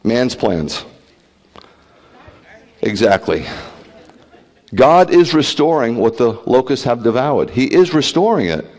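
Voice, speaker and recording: A man preaching as a rabbi, blunt and animated, peppering the congregation with rhetorical questions and teasing jabs. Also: mid-range voice, slow pace, long pauses. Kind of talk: livestreamed sermon. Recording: long hall reverb.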